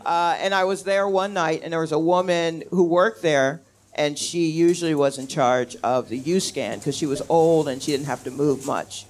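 A woman's voice: low voice, normal speed, few pauses. Laughing woman comedian. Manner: lively, jokey, laughs at her own punchlines. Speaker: comedian, storytelling guest. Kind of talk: live comic storytelling.

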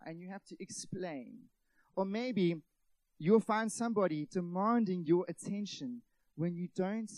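Male preacher, high-pitched and lively, dry close sound, talks to the congregation as friends. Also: no room sound. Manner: animated, with many rhetorical questions and acted-out quotes; addresses the audience as friends. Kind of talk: sermon.

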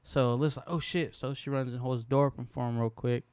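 A woman's voice: rumbling low, flat delivery, fast, mellow, clean tone, dry recording. A young woman co-hosting a podcast, telling stories in loose, casual chat full of swearing. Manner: loose, profane storytelling. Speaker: podcast co-host.

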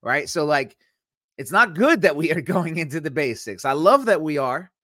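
Energetic man on a dry mic. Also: fairly high pitch, dry recording. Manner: energetic, quick to joke. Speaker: podcast co-host. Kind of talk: casual chat.

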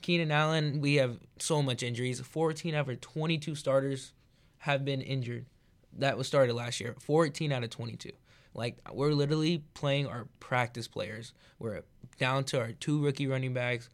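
A young man co-hosting a sports podcast, venting as a frustrated fan about his team. He talks in casual slang. His voice sits at an average pitch for a man. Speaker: podcast co-host.

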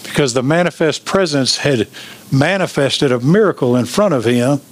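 A pastor preaching an emphatic sermon, asking the congregation questions. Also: male voice, medium pitch, expressive, moderate pace.

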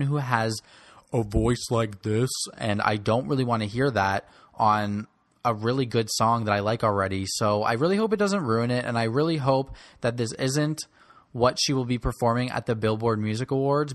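A man's voice: mid-range voice, normal speed, no room sound. Snarky young man ranting about pop music. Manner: snarky and blunt, rants about artists. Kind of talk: opinionated solo commentary.

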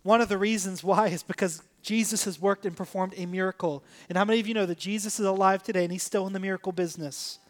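A man preaching a sermon, animated, acting out quoted voices and swinging from soft to loud. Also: high-pitched, quick pace, few pauses. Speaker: pastor.

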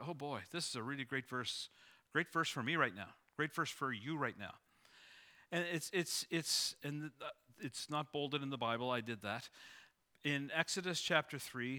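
A man's voice: mid-range voice, bright, forceful tone. A middle-aged male pastor preaching a sermon in a conversational way, with restarts and repeated phrases.

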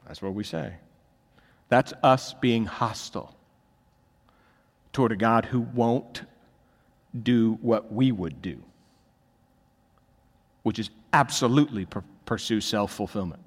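A man preaching a sermon as pastor, swinging between quiet asides and loud emphatic peaks in a large church hall. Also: fairly low pitch, takes it slowly, pauses often, slightly rough. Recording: long reverb of a large hall.

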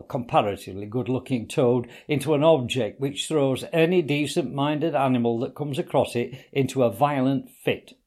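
A man's voice: mid-range voice, darkish tone, lightly acted. A man voicing a stern, wise old male badger who speaks firmly and severely in a storybook reading. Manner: firm, severe and measured.

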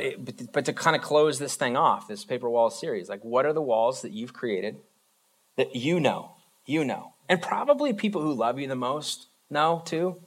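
A man's voice: medium pitch, fairly bright tone. Casual man preaching a conversational sermon. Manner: informal, talks through everyday examples, acts out quick voices. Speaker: pastor.

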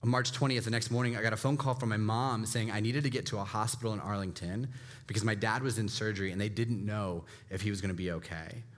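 A man, preaching a sermon as a pastor, talking conversationally with frequent asides to the listeners and sinking low and quiet for emphasis. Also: fairly even intonation, fast.

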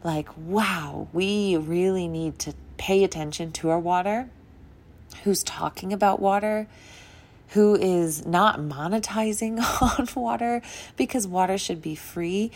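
Her voice at medium pitch with a darkish tone, this young adult podcast host talks a little slowly about wellness. It's a casual, spiritual monologue, emotional and sincere, full of meandering sentences and laughter.

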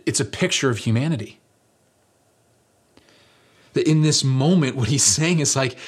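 A man's voice: mid-range voice, normal speed, long pauses, slightly rough. A man preaching a conversational sermon as pastor, earnest and building to emphatic peaks, with touches of light humor.

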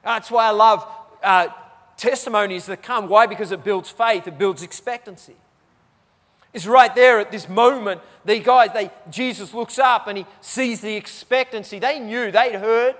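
High-voiced man preaching in a reverberant church. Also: moderate pace, fairly bright tone. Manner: preaching, repeats key phrases for emphasis. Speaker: pastor. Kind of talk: sermon.

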